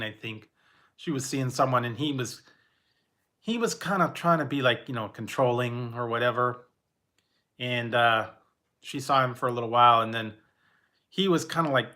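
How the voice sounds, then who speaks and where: Rambling man telling stories, bright voice. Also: medium pitch. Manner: rambling, halting, laughs often. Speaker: vlogger. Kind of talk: casual personal storytelling.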